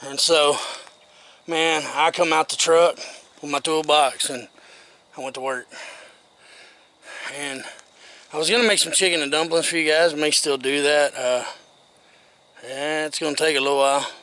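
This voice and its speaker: A man's voice: on the high side, fairly even intonation, moderate pace, long pauses, sharp tone. A man vlogging in a casual, folksy and earnest way, out of breath after working. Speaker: outdoor vlogger. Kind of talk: casual vlog talk.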